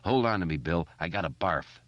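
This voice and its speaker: A groggy, irritable young man mumbling slowly, as a man reads him. The delivery is sleepy and drawn out, captured in a dry, slightly dull audiobook recording. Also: low-pitched, animated, a bit bright, no room sound. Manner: sleepy, slow mutter.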